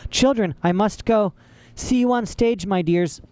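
A man doing a gushing, excitable lady judge. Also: on the high side, normal speed, no echo, pitched above the performer's own voice, lightly acted. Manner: gushing and eager. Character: fussy, excitable older woman judge.

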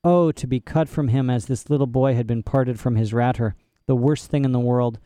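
Man reading an audiobook, warm mellow voice, smooth, dry close mic. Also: medium pitch, fairly even intonation, moderate pace, no room sound. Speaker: audiobook narrator. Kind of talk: scripted narration.

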